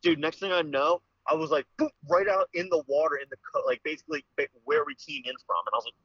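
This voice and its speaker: A man's voice: a little high, quick pace, fairly bright tone, no echo. A young man from Pennsylvania, a podcast guest telling a hunting story in a rambling, casual way, full of "dude" and "like.". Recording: slightly dull, lo-fi podcast audio.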